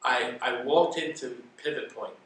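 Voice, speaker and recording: A man's voice: mid-range voice, a little slow. A man telling stories in a casual interview, acting out the dialogue as he goes. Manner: animated, acts out quoted dialogue. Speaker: interview guest. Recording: echoey room, distant mic, faint noise.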